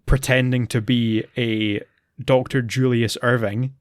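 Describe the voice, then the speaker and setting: A man co-hosting a podcast in easy, rambling chat, recapping episodes with lots of ums and restarts. His voice sits at an ordinary middle pitch. The sound is dry and close, with no room around it. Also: steady tone, unhurried, clear, resonant tone, dry recording. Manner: chatty, recaps plot with frequent fillers. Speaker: podcast co-host. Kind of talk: casual chat.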